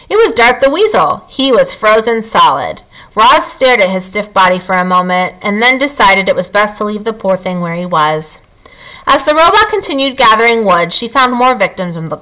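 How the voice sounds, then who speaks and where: Bright-voiced woman reading a storybook aloud. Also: medium pitch, poor audio. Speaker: storybook reader. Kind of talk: reading a children's novel aloud.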